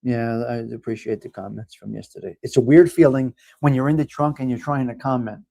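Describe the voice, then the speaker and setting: A man's voice: medium pitch, a little fast, vocal fry, mellow, no echo. A man hosting a casual livestream, chatting with viewers in the comments and teasing them with mob-style jokes and swearing. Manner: joking mob-style banter, swears freely. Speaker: livestream host.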